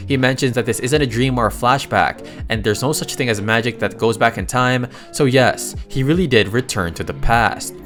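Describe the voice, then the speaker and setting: Excitable male recap narrator, casual and slangy, soft guitar bed. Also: mid-range voice, normal speed, hardly any pauses. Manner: excitable, slangy, keeps exclaiming.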